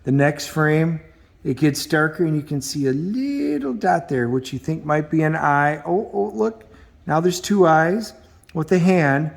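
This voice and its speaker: A man's voice: fairly high pitch, lively intonation, measured pace, gravelly. A middle-aged man reviewing a comic book in a casual, chatty way, with frequent ums and acted-out bits of dialogue.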